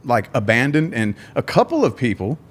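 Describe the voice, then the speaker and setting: A man hosting a podcast, telling stories in a casual, indignant, animated way. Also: mid-range voice, moderate pace, husky. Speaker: podcast host.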